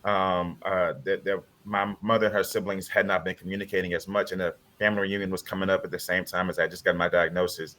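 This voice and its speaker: A man's voice: low voice, little pitch movement, fast, hardly any pauses, pushed and bright. A man on a panel telling a personal story in an earnest, heartfelt way over a video call. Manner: earnest, heartfelt retelling with quoted dialogue.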